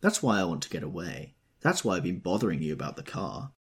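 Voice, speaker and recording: A man's voice: sits low, big pitch swings, fast, slightly rough, heavily acted. A man reading an audiobook, voicing a sick, worn-out garage owner who speaks tiredly. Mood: weary. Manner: tired, quiet.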